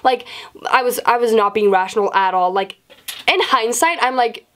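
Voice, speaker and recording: A young adult woman with a slightly high voice tells a casual storytime vlog. She is animated, swears freely and jumps up in pitch to act out what people said. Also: normal speed. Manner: animated, swears often, acts out quotes in a higher voice. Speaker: vlogger.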